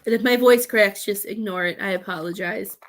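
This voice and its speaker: A woman giving a live psychic reading, rambling with halting restarts and calling her sitters "love.". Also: mid-range voice. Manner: affectionate terms for sitters. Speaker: psychic medium.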